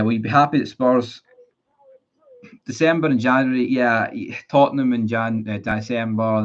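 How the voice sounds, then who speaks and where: A man's voice: lowish voice, muffled recording. A Scottish man ranting heatedly about his football club on a live stream, reading chat messages and swearing often. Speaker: football fan livestreamer.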